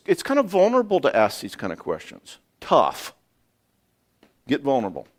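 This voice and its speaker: A man in his sixties, a psychologist giving a folksy, animated seminar talk on marriage, often acting out conversations. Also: medium pitch. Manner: animated, folksy, acts out dialogue. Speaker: psychologist and speaker.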